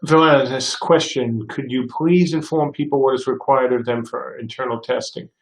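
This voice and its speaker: Older man with a gravelly voice, roomy sound. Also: mid-range voice, fairly even intonation, moderate pace. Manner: reads viewer questions aloud, answers in rambling anecdotes. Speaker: game studio head hosting a livestream. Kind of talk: casual livestream Q&A. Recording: roomy echo.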